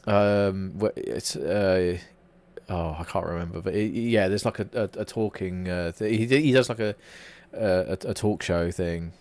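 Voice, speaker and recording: A man's voice: low voice, measured pace, a little mellow. A man co-hosting an unscripted wrestling podcast, chatting casually, swearing freely, laughing often and restarting his sentences. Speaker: podcast co-host.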